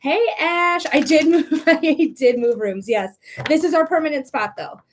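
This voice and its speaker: A woman's voice: sits high, unhurried, slight background noise. A woman giving live tarot readings on a stream, chatty and encouraging, talking straight to her viewers. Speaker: psychic reader.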